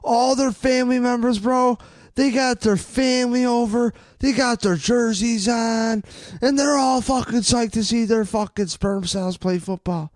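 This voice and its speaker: A young man co-hosting a casual sports podcast, ranting excitably and swearing a lot. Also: very high voice, measured pace, dry recording, clean studio sound. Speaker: podcast co-host.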